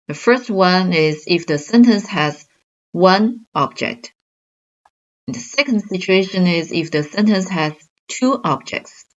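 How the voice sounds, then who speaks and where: Slow-speaking woman teaching grammar. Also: lowish voice, lo-fi sound. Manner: slow, careful explaining with examples. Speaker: Chinese language teacher. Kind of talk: online grammar lesson.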